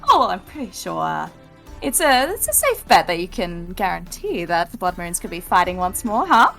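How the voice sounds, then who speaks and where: A woman's voice: fairly low pitch, very animated, normal speed, creaky, sharp tone, soft background music, full character voice. A woman voicing a bold, pushy female twin who teases and pushes in. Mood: teasing.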